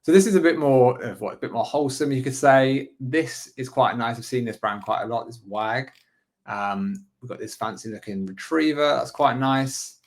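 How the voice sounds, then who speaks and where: A man's voice: mid-range voice, moderate pace. Chatty man thinking aloud. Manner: thinks aloud, chatty, frequent "right?" asides. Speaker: online business coach. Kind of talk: casual screen-share walkthrough.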